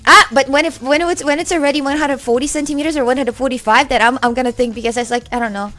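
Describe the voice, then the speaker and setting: Loud, swearing streamer woman. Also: high-pitched, steady tone, fast talker, soft background music. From Russia. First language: Russian. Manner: loud, swears freely, reads chat aloud. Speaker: livestreamer. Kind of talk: casual live stream chat.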